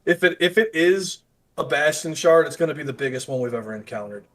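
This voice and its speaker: A man's voice: fairly high pitch, expressive, quick pace, a bit bright. A man playing a tabletop game, speaking in character in a hesitant way, searching for words. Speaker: player.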